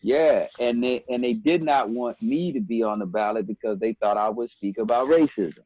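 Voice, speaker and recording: A man in his forties from Ethiopia, a guest telling stories in a relaxed interview, animated and quick to quote others. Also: mid-range voice, no room sound, muffled recording. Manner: animated storyteller, breaks into quoted voices and laughs. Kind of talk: casual storytelling interview.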